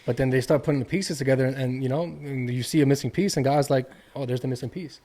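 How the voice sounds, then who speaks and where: A man's voice: mid-range voice, fairly even intonation, fast, dark tone. A man hosting a podcast in casual conversation, encouraging and affirming toward his guest. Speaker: podcast host.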